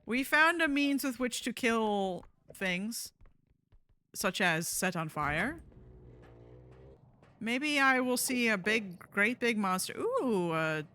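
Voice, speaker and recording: Excitable high-voiced woman gamer. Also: slow. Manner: excitable, swearing, loud outbursts and laughing. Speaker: streamer playing a co-op game with friends. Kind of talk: casual gaming chat.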